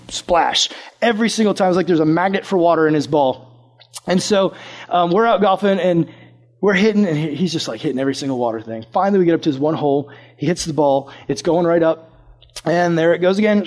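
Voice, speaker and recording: Young male preacher, high voice, relaxed chatty delivery full of stories. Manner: casual, animated storytelling with acted-out quotes. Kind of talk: sermon with personal story.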